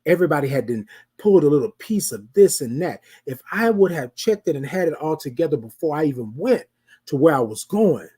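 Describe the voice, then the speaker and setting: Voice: medium pitch, big pitch swings, fairly quick, slightly rough. A live-show host giving a motivational talk, repeating phrases and often asking listeners rhetorical questions. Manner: repetitive, preacherly, asks the audience rhetorical questions; addresses listeners as ladies and gentlemen.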